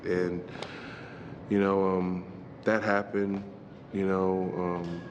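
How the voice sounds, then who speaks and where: Interview guest, man, deep-ish voice, hesitant and candid. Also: flat delivery, lo-fi sound, noisy background. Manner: halting, full of fillers.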